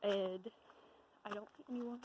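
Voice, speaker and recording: A woman's voice: mid-range voice, fairly even intonation, unhurried, a little mellow, a little hiss or hum, low-quality recording. A young woman talking to her camera while hiking on a wooded trail, out of breath, nervous and giggly, trailing off now and then. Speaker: vlogger. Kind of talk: casual chat to camera while walking.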